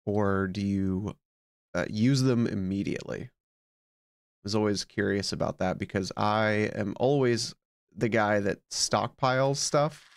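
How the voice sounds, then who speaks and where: Slow, sleepy-sounding rambling man. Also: on the low side, vocal fry, clean tone, dry recording, studio quality. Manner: slow, rambling, musing aloud with fillers. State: sleepy, just woke up. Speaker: let's play host. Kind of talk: casual gameplay commentary.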